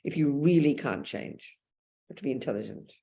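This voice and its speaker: A woman's voice: rumbling low, animated, fairly quick, gravelly, dark tone. A woman with an Australian accent giving a blunt, emphatic dharma talk as a Buddhist nun, calling her listeners darling.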